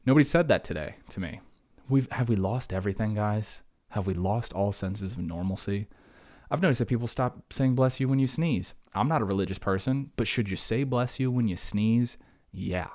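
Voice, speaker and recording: A man's voice: fairly low pitch, a little mellow. A man hosting his own podcast, rambling in a casual, jokey way and talking himself down from rants. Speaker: podcast host. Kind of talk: casual solo podcast monologue.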